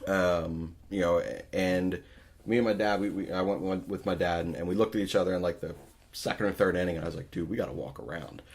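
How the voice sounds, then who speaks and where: Male podcast host, low voice, profane and exasperated rant. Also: steady tone, fairly quick.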